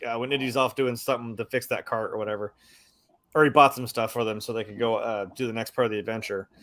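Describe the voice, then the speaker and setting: A man chatting casually on a film discussion podcast, animated and profane, acting out quotes in mocking voices. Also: medium pitch, quick pace. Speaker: podcast co-host.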